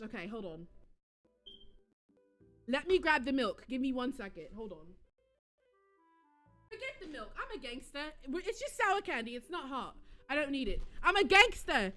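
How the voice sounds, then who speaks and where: A young woman hosting a live stream, chatting casually with her viewers and breaking into excited shrieks and giggles. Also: high-pitched. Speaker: livestream host.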